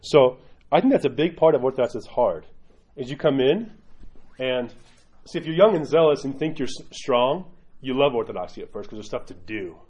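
A man's voice: mid-range voice, expressive, normal speed, a little mellow, husky, highs cut off. A man who is an Orthodox priest, teaching in a loose conversational way and often checking in with "right?". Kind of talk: informal teaching talk.

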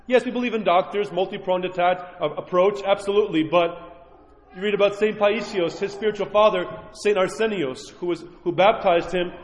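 A man with a high-pitched voice preaches in an echoey church, his words hanging in a long reverb. He talks earnestly and conversationally, then slows down hard on the points he wants to land. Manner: earnest, conversational preaching with sudden slowed emphasis. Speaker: priest. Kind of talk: sermon.

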